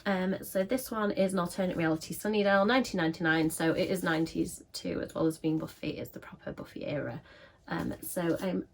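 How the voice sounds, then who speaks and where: A woman's voice: on the low side, fairly quick. Scratchy-voiced woman chatting about books. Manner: chatty, with frequent filler ums. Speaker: book vlogger. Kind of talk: casual chat to camera.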